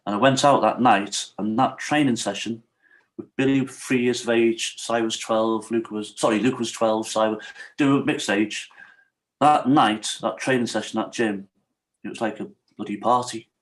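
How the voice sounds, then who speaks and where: A man's voice: fairly low pitch, normal speed, rough recording. A middle-aged man, a guest on a podcast telling his own life story frankly. He tells it with energy, acting out the lines of other people. He keeps checking in with the host. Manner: animated storyteller, acts out quotes, often asks "right?". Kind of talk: candid storytelling.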